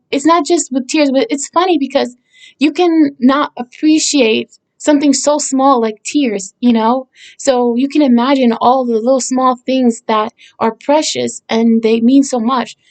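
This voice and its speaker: A woman's voice: high-pitched, darkish tone. A woman songwriter talking casually about the meaning of her song lyrics, rambling with many fillers and restarts. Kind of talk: casual explanatory talk.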